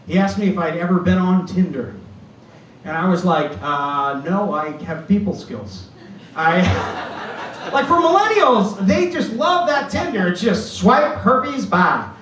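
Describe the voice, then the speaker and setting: A man in his fifties performs a stand-up story, acting out the voices of the people in it. His voice sits a little high, and it reaches the mic from across an echoey club, with constant ambience underneath. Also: fairly bright tone, recorded from a distance, a little hiss or hum. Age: 50s. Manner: storytelling, acts out quoted voices. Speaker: stand-up comedian. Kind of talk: stand-up set. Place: comedy club stage.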